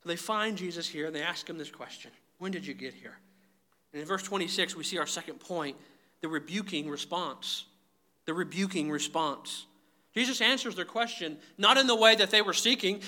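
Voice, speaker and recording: Man, pastor, sermon, emphatic, very high voice, sharp bright tone. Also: lively intonation, normal speed. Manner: emphatic preaching, addresses listeners as guys.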